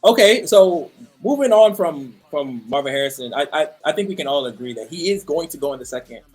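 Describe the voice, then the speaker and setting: A man's voice: on the high side, expressive, fairly quick, darkish tone, breathy edge. A man co-hosting a casual fantasy football podcast, talking hesitantly with many restarts and steering the discussion. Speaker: podcast co-host.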